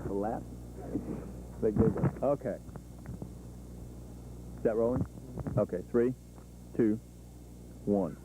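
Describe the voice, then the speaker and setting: A man's voice: fairly low pitch, slow, pauses often. A man doing repeated on-camera reporter takes, counting down, cursing under his breath and cracking up. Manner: counts down takes, breaks into giggles, swears. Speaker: TV news reporter. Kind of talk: on-camera stand-up outtakes. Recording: noisy 1980s field tape.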